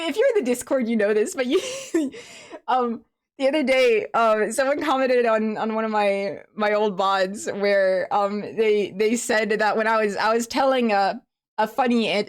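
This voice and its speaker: A woman's voice: fairly high pitch, moderate pace. Giggly young woman streamer, rambling. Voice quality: laugh sounds sniffly and tearful. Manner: rambling and giggly, many fillers and restarts. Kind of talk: casual chat to stream viewers.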